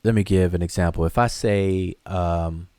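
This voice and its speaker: A man's voice: deep voice, fairly even intonation, moderate pace, dark tone, clean tone, no room sound. A man teaching a live online class, explaining loosely and conversationally with frequent restarts and fillers as he answers viewer questions. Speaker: hieroglyphics teacher.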